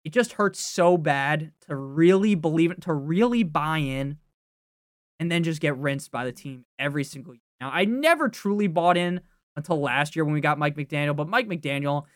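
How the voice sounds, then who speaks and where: A man's voice: a little high, lively intonation, moderate pace, dry recording. Profane, ranting young man, dry sound. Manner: frustrated, profane, rambling rant with sudden loud outbursts. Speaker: fantasy football podcast host. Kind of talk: casual ranting podcast talk.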